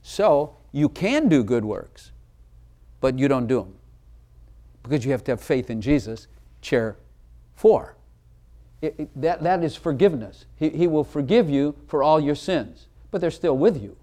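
A man's voice: on the high side, expressive, a little slow, mellow. A man preaching a sermon in a church, emphatic and asking the congregation direct questions. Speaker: pastor.

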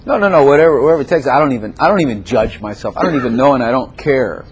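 A man preaching a sermon to a congregation in a church room, animated and repetitive, laughing often and quizzing his listeners. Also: medium pitch, very fast, slight background noise. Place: church room with chairs and a plant.

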